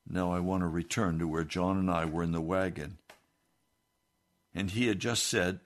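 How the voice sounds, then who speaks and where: A man's voice: low voice, moderate pace. A man reading a first-person story aloud in a plain, earnest way. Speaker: narrator.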